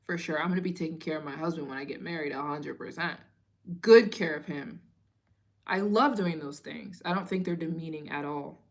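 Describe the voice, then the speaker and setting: Chatty lower-voiced young woman. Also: fast talker, few pauses. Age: 20s. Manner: chatty, expressive storytelling. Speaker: travel vlogger hosting a live Q&A. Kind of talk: casual live chat.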